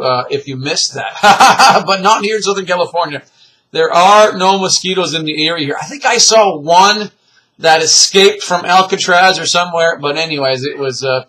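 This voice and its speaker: An exuberant man rambles cheerfully through his daily home program, bursting into exclamations and laughter as he goes. His voice sits a little high and rings out sharp and forceful. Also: a little hiss or hum. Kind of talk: casual rambling monologue. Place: at home near open windows.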